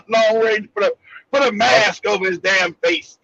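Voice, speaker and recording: High-pitched man, gravelly voice, bright sound, blunt laughing co-host, dull lo-fi recording. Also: a little slow, dry recording. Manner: laughing, blunt, animated storytelling. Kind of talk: casual chat.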